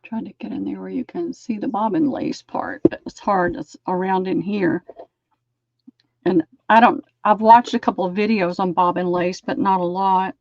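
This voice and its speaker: A woman hosting a live-stream sale, chatting and describing lace items slowly. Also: mid-range voice, fairly even intonation, vocal fry, darkish tone, dry recording, muffled recording.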